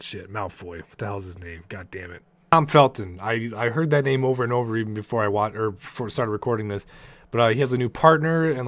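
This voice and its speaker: A young man giving a casual spoken review of a TV show, rambling, excitable and swearing often. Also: medium pitch, no echo.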